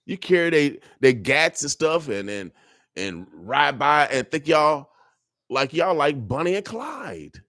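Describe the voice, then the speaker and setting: A man's voice: a little high, big pitch swings, slow pace, fairly bright tone, no echo. Preachy older man, dry studio voice. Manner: preachy, repetitive, joking, street talk. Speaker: radio talk guest. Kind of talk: casual radio monologue. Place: radio studio. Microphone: studio microphone.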